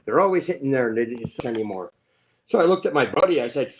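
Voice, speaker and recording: A Canadian man, a guest on a casual livestream chat, tells his story in a medium-pitched, animated voice and talks fast. He rambles, swears heavily and sounds aggrieved, and the audio is dull.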